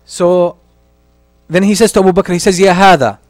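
A man's voice: sits high, little pitch movement, normal speed, a little mellow, dry recording. A man giving a religious history lesson. He recites Arabic lines, translates them and repeats key phrases for emphasis. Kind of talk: lecture on early Islamic history.

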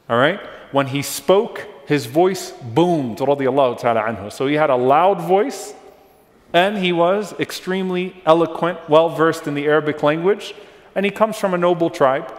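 A man delivering a religious lecture in a large hall, his voice slightly higher than usual for a man and trailing off in a long reverb. He explains step by step, repeats key names and checks in with his listeners. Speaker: Islamic lecturer. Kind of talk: religious lecture on early Islamic history.

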